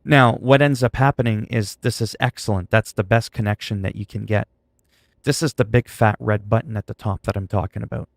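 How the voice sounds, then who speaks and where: Male streamer, low gravelly voice, dry close mic, frustrated ranting chat. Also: fairly even intonation, a little fast, no room sound. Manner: frustrated, venting, sarcastic. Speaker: livestreamer.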